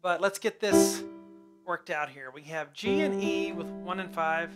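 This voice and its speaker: Male piano teacher with a high, chatty voice who hums the note syllables, loud piano behind him. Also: moderate pace. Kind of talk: online piano lesson. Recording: loud piano playing along.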